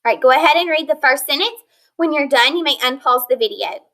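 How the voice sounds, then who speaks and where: A woman teacher giving a recorded phonics lesson, slowly sounding out words and prompting her students. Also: high voice, fairly bright tone, low-quality recording. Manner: slow, clear modeling of word sounds with praise and prompts.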